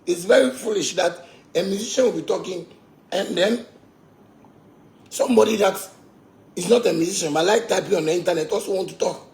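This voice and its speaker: A man's voice: high voice, a little fast, creaky, pauses often, darkish tone. A man with a Ghanaian accent, a musician ranting boastfully and with swearing, slipping into Pidgin. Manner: boastful, profane, mixes Pidgin. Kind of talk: heated rant.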